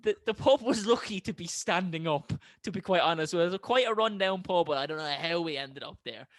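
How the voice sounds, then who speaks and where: Young male co-host, chatty and casual, slightly high voice, dry recording. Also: animated, fairly quick, no room sound. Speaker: podcast co-host. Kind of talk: casual chat.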